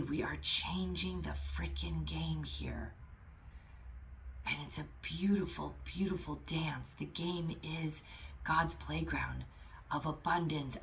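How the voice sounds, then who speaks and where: A woman's voice: deep voice, gravelly, fairly bright tone. A woman reading a spiritual lesson aloud and commenting on it in a fervent, emphatic way, with casual swearing. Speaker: spiritual teacher.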